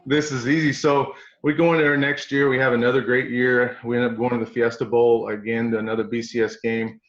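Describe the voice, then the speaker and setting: A man's voice: mid-range voice, fairly quick, reverberant, lo-fi sound. Folksy East Tennessee man telling stories. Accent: East Tennessee Southern. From East Tennessee, USA. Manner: folksy, animated, quotes others in voices. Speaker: strength coach guest. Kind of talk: storytelling interview.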